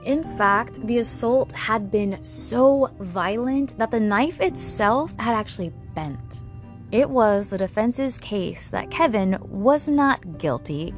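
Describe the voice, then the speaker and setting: A woman talks through a true crime case in a loose, conversational style, her voice sitting at an ordinary middle pitch. She drops wry, sarcastic asides between the facts. Soft music plays faintly behind her. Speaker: podcast host narrating a true crime case. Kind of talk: casual true crime narration.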